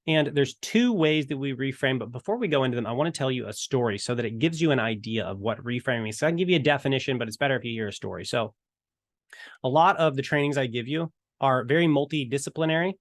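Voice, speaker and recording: A man giving a casual training talk on evangelism, telling stories in a chatty, animated way. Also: medium pitch, fast talker, no echo, clean studio sound. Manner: storytelling, chatty, animated retelling. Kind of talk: casual teaching talk to camera.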